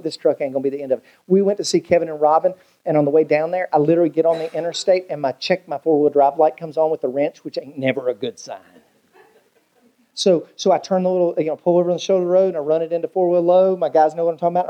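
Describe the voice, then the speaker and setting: Folksy pastor preaching. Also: male voice, muffled recording. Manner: folksy storytelling preacher, swooping pitch, colloquial Southern grammar. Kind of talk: sermon.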